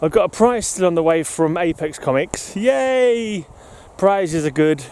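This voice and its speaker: A man's voice: fairly high pitch, moderate pace, darkish tone, clear, resonant tone. A man in a casual walking vlog, out of breath as he goes, talking in a rambling, sweary way and chuckling often. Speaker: podcast host. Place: outdoors in an urban park.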